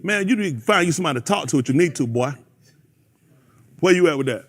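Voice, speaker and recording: A man's voice: fairly high pitch, quick pace. A man preaching a fiery sermon, calling out members of the congregation by name. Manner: animated, preachy, calls out listeners by name.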